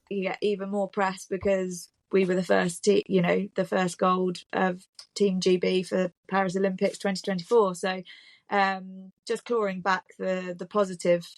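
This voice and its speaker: A woman's voice: lowish voice, dry recording. A British woman, an Olympic rider, chatting reflectively as a podcast guest with frequent ums and restarts. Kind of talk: casual chat.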